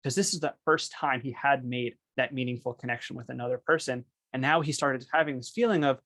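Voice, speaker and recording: A man's voice: medium pitch, steady tone, fairly quick, hardly any pauses, fairly bright tone. A man giving a webinar presentation over a video call, telling stories with enthusiasm. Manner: enthusiastic, storytelling. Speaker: esports program presenter.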